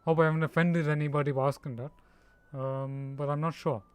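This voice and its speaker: A man chatting casually on a live stream, haltingly sounding out foreign names and laughing at his own mistakes. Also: a little high, flat delivery, clear, resonant tone. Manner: halting, tries out names slowly, laughs at himself.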